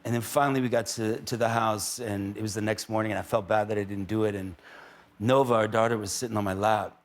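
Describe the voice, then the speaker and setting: A man's voice: lowish voice, fairly even intonation, quick pace. A middle-aged man chatting casually as a talk show guest, rambling and laughing often. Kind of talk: casual chat.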